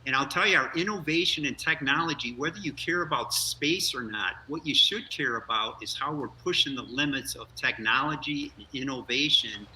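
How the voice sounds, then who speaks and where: Older man, bright distant remote voice. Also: medium pitch, moderate pace, few pauses, a little hiss or hum. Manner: earnest, energetic storytelling. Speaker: former astronaut guest. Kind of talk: live news interview.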